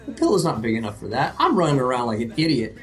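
Animated man telling a profane story. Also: medium pitch, quick pace, soft background music. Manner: animated, profane, laughing at his own story. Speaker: podcast co-host. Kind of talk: casual comedic storytelling.

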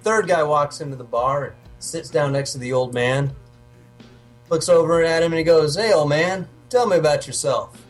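A man's voice: on the high side, normal speed, faint music behind. A man co-hosting a podcast, telling a long crude joke in casual chat and laughing through the banter. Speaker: podcast co-host.

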